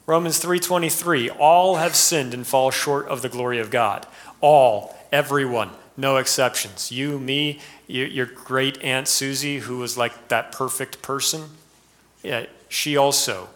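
A middle-aged man preaching a sermon in a lively way, breaking into sudden high, mocking asides. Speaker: pastor.

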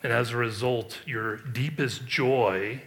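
A middle-aged male pastor preaching a sermon, reading scripture aloud and commenting on it with emphatic rises and quiet asides. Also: mid-range voice, slow pace.

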